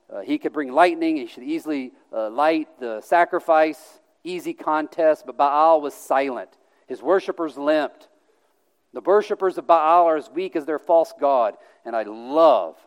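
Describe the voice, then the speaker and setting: A male pastor delivers an emphatic sermon in a fairly high-pitched voice. His words ring out with a long reverb, like a large sanctuary. He stumbles and restarts often, then lands lines with force.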